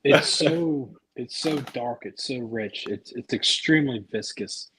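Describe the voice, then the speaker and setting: A man's voice: medium pitch, measured pace, gravelly, fairly bright tone, a little hiss or hum, low-quality recording. A man guesting on a casual whiskey chat, laid-back and teasing.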